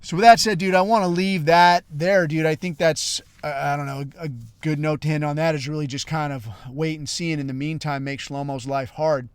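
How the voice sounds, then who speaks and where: A man's voice: a little high, steady tone, a little fast, clear, resonant tone, no room sound. A middle-aged man hosting a podcast, ranting casually with heavy swearing and a constant "dude" and "bro.". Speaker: podcast host. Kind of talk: casual profane rant.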